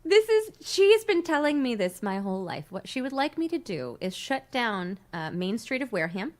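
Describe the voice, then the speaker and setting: Her voice a little high and her speed normal, a middle-aged woman runs a relaxed livestream. She spins lively stories and laughs frequently as she chats.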